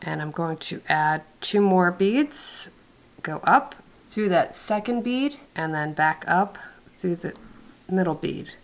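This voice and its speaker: Calm woman narrating a beading tutorial. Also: on the low side, slow pace. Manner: calm, instructive, methodical. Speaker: beadwork tutorial host. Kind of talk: step-by-step craft tutorial narration.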